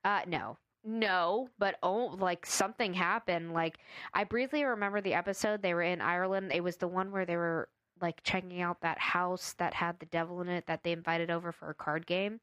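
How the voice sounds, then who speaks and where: A woman's voice: on the low side, steady tone, moderate pace, fairly bright tone, no echo. A woman chatting casually and telling a story, laughing often and sometimes trying an Irish storytelling voice.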